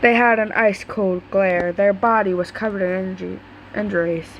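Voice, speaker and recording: A woman reading a fan story aloud in a relaxed, unpolished way. She trips over words and restarts, then carries on. Her voice sits at a middle pitch. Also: normal speed, slight background noise, low-quality recording. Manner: casual, stumbling, swears in asides. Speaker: story reader.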